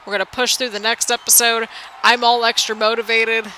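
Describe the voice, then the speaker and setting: A woman's voice: a little high, level tone, a little fast, bright, forceful tone, slight background noise, poor audio. A young woman, a little tired, chatting in a rambling, sing-songy way as she commentates a wrestling video game for her channel. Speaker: gaming channel host.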